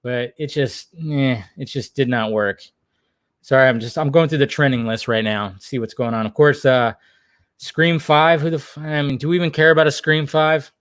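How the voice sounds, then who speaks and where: A man's voice: mid-range voice, fairly even intonation, moderate pace, fairly bright tone, smooth, no room sound, studio quality. A young man hosting a casual livestream, reading chat and rambling, jokey and full of swearing.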